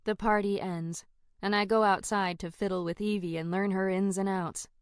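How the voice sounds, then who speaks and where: A woman narrating a first-person fantasy audiobook in an expressive, dramatic way. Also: mid-range voice, moderate pace, clean tone, no room sound, clean studio sound.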